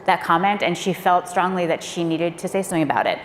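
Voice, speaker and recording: A woman's voice: on the low side, quick pace, a little hiss or hum. Woman speechwriter on an echoey panel stage. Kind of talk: panel discussion storytelling. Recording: echoey hall with faint ambience.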